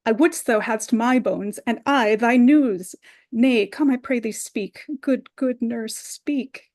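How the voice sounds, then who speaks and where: A woman's voice: on the high side, slow pace, darkish tone. Woman reading an impatient young girl in love. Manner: urgent, pleading, rising exclamations. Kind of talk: Shakespeare play reading.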